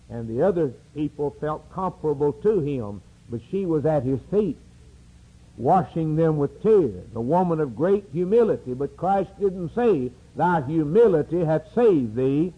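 A male preacher delivers a sermon at a slow, deliberate pace. His voice is husky and mellow, and his pitch swings widely from loud emphatic peaks down to hushed low phrases. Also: phone-quality sound. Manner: dramatic preaching with sweeping rises and drops.

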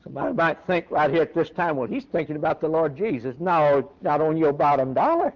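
A male preacher giving a sermon, animated, who breaks into a high emphatic voice for quoted lines and laughs between points. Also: brisk. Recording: dull lo-fi recording.

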